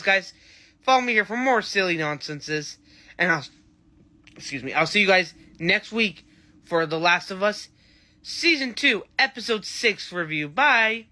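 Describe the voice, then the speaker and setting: A man's voice: high-pitched, sharp tone. A man giving a casual, rambling, enthusiastic review of a TV episode. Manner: enthusiastic, rambling fan chatter. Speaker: TV show reviewer.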